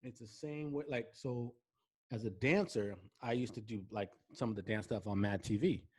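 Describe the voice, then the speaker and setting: A man's voice: mid-range voice, normal speed, husky. Chatty male host telling anecdotes. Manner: lively anecdotes, keeps checking in with "right?". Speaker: talk show host. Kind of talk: casual storytelling interview chat.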